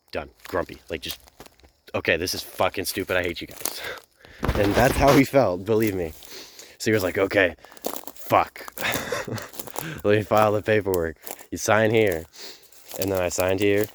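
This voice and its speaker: A man's voice: on the low side, slight background noise. A young man casually telling a personal story in a rambling, laid-back way, full of fillers and swearing. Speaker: vlogger.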